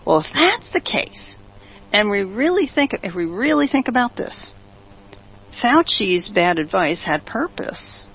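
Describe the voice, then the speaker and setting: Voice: mid-range voice, sing-song, unhurried, husky. A talk show host giving opinionated commentary, reading out news quotes and turning to a co-host with rhetorical questions. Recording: dull lo-fi recording.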